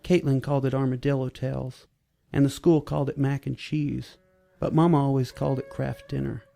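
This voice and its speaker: Gravelly, dark-voiced man reading a story. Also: medium pitch, flat delivery, normal speed, soft background music. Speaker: narrator.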